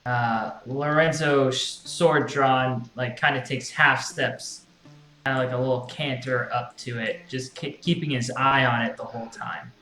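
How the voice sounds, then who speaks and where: A man with a bright voice describes his character's moves in an online tabletop game, hesitating often with fillers. His audio sounds roomy, with faint music underneath. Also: mid-range voice, fairly even intonation, unhurried. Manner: hesitant, filler-heavy narration. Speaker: player.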